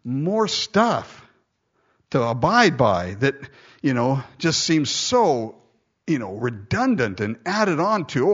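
Husky-voiced man preaching with animation. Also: medium pitch, big pitch swings, slow pace, lo-fi sound. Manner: jokey, conversational asides. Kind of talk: sermon with scripture reading.

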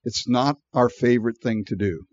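A man's voice: mid-range voice, normal speed, dry recording, muffled recording. A man preaching a sermon in a conversational way, acting out the people in the story and laughing often. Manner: animated and conversational, acting out voices with frequent laughs. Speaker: pastor.

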